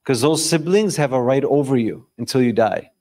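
A young man leading a live group discussion before an audience in a room, telling stories and questioning the room in an animated way. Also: mid-range voice, moderate pace. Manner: animated, storytelling, quizzing the audience. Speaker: discussion leader.

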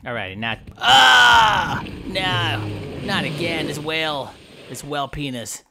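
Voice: mid-range voice, animated, measured pace, heavy background noise. A gameplay commentator giving playful, rambling let's-play commentary, teasing and pleading with the game as they play.

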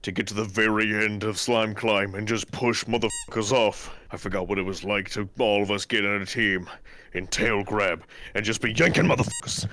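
A man's voice: fairly low pitch, normal speed, sharp tone. A man in an improvised comedy role-play in a VR game, talking earnestly and ranting when he gets frustrated. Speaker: player acting as the narrator.

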